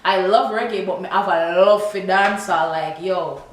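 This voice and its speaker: A woman's voice: fairly low pitch, moderate pace, a little hiss or hum. A woman with a Jamaican accent chatting casually to camera, mixing Patois into her speech and saying "yo" often. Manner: lively, mixes Patois into her talk, says "yo" often. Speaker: vlogger. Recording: roomy echo.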